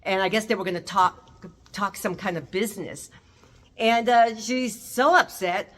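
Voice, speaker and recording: A woman's voice: medium pitch, moderate pace, a bit bright. A woman chatting casually to her viewers in a home vlog, filmed in her courtyard by a relative, rambling with frequent fillers. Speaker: cooking vlogger hosting a house tour. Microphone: camera held by her nephew.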